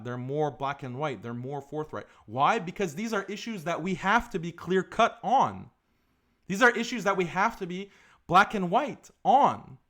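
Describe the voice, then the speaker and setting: A man hosting a live stream and giving forceful commentary, often repeating his points for emphasis. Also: a little high. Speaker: host.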